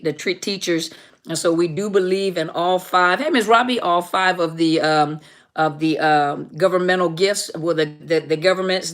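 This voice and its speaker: A woman's voice: lowish voice, fairly bright tone. A woman minister hosting a live question-and-answer stream, chatting casually and greeting viewers by name. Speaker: livestream host and minister.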